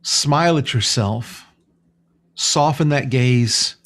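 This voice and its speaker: A man's voice: medium pitch, slow pace, a bit bright. A man being interviewed as a spiritual healer. He talks in an earnest, rambling way and fills his sentences with "you know". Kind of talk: casual conversational interview.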